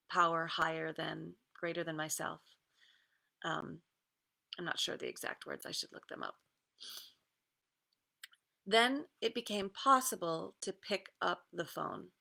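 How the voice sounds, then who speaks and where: A woman creativity coach talks slowly and easily through a guided meditation, stopping often with fillers. Her voice is bright but has a gravelly edge. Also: medium pitch. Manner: easygoing, with many pauses and fillers, and laughs. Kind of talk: casual guided meditation talk with readings.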